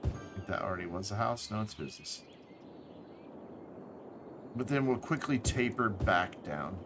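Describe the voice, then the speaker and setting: A man's voice: on the low side, lively intonation, moderate pace, over music. A man thinking aloud as he plays a city-building game on a live stream, correcting himself as he goes, tired and with the hiccups. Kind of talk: casual gameplay commentary.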